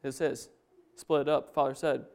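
A man's voice: medium pitch, flat delivery, a little fast, vocal fry, a little mellow. A man preaching a sermon, reading scripture aloud and then explaining it in his own words with frequent restarts.

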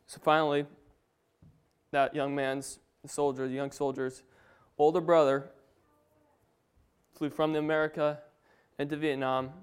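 A man's voice: fairly high pitch, level tone, measured pace, pauses often, clean tone. A man preaching a sermon, reading scripture aloud and then explaining it in his own words with frequent restarts.

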